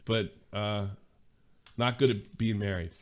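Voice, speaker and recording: A man's voice: fairly low pitch, fairly even intonation. A man chatting as a guest on a podcast, joking and teasing crudely. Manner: slow, joking, crude banter. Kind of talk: casual podcast chat.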